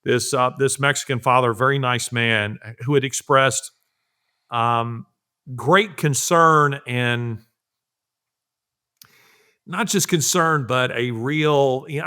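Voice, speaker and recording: A man's voice: mid-range voice, slow, long pauses, pushed and bright, clear, resonant tone. A middle-aged man speaking earnestly in a podcast conversation, telling stories and emphasizing his points. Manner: earnest, emphatic, acts out quotes. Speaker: guest commentator. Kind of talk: casual podcast conversation, storytelling.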